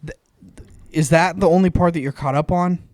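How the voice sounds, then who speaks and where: A man's voice: on the high side, fairly even intonation, fairly quick, a little mellow, no echo, studio quality. A man co-hosting a podcast, arguing back in casual chat with an exasperated, teasing manner. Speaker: podcast co-host.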